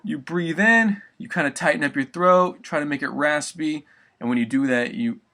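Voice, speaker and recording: A man's voice: fairly high pitch, moderate pace, pushed and bright. A young man giving a casual spoken vocal tutorial, rambling loosely and swearing often.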